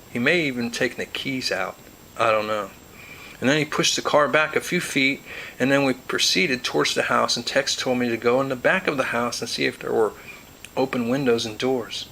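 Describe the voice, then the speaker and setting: Bright-voiced man reading testimony. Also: mid-range voice, a little hiss or hum, poor audio. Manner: plain, measured reading of questions and answers. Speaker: host and narrator. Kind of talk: reading court testimony aloud.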